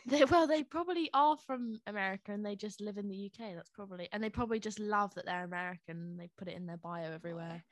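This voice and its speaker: A woman's voice: medium pitch, quick pace, hardly any pauses, no echo. Young woman rambling, lots of likes, dry close sound. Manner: rambling, hesitant, many fillers. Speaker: podcast co-host. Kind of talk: casual chat.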